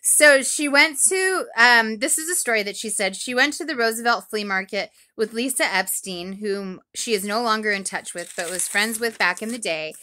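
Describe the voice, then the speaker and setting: A woman talking alone as a podcast reviewer, chatty and rambling with lots of ums, in an animated, expressive voice. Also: mid-range voice, normal speed, few pauses. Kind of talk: solo recap vlog.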